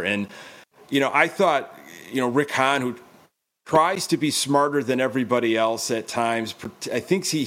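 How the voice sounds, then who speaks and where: An opinionated man, a podcast guest who talks shop with real conviction. His voice sits at an ordinary pitch, and he stacks point on point until each one lands hard. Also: a bit bright. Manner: emphatic, opinionated, builds to strong points. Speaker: podcast guest, team analyst. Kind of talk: casual sports chat.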